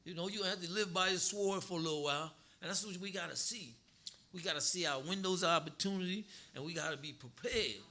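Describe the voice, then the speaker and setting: A man's voice: high voice, fast, bright, forceful tone. A man teaching scripture to his congregation in a casual, colloquial way, often laughing.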